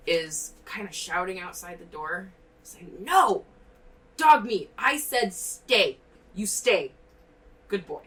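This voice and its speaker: A woman's voice: lowish voice, bright, forceful tone. A young woman narrating as game master in a casual, rambling way, with many fillers. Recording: distant mic with background music.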